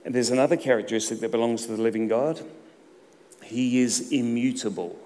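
A middle-aged man delivers a sermon, his voice at an ordinary pitch for a man. He swings between loud, emphatic bursts and hushed, low phrases. The sound carries a long reverb from the church hall. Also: fairly quick. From Australia. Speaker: pastor.

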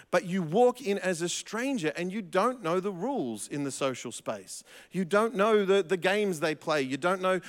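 A fairly high-voiced man preaching with a lively, swooping delivery, often restarting and repeating himself for emphasis. His voice rings out with a long hall reverb around it. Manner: animated, with frequent restarts and emphatic repetition. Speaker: pastor. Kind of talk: sermon.

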